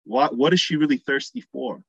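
A man's voice: medium pitch, moderate pace, a bit bright, slightly rough, dry recording, muffled recording. A man preaching a sermon in a conversational way, acting out the people in the story as he goes. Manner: conversational, acts out quoted voices.

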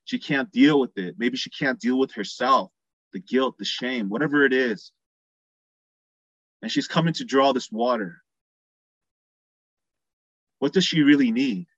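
A man's voice: medium pitch, a little slow, pauses often, fairly bright tone, dry recording, highs cut off. A man preaching a sermon in a conversational way, acting out the people in the story as he goes. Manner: conversational, acts out quoted voices.

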